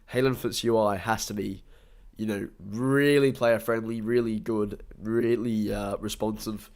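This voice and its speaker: A man's voice: lowish voice, steady tone, moderate pace, a little mellow. Chatty stuffy-nosed Australian man. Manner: rambling, chatty, upbeat, thanks viewers often. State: stuffy nose. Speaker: streamer. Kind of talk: casual live-stream chat.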